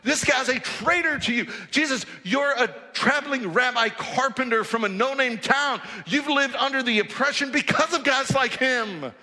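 A man's voice: very high-pitched, moderate pace, few pauses, pushed and bright, pitched above the performer's own voice, heavily acted. A man voicing an indignant townsman who angrily berates a corrupt tax collector, acted out in a sermon. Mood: exasperated. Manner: accusing, exasperated rant. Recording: reverberant hall.

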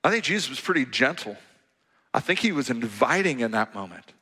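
Animated male pastor in a reverberant hall. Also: medium pitch, brisk, breathy edge. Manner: animated, humorous storytelling. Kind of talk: sermon.

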